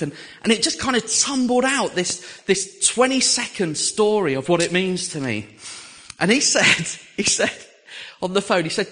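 An English man preaching, telling a personal story with lively, animated delivery and acting out the voices he quotes. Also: high-pitched, normal speed. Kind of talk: storytelling sermon.

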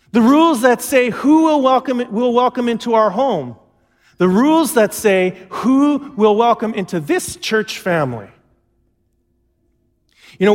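Man, pastor, sermon, storytelling, high-pitched, lingering hall reverb. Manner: storytelling preacher, acts out quoted lines.

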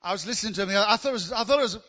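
A man's voice: high-pitched, rapid-fire, pushed and bright, long reverb tail. A man preaching a sermon in a chatty, joking way, teasing the congregation.

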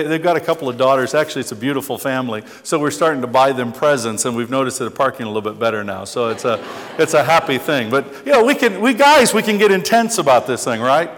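Male pastor, casual self-deprecating sermon delivery, higher-pitched, reverberant church hall. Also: expressive, fairly quick. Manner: chatty, self-deprecating storyteller with many restarts. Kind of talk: conversational sermon with humor.

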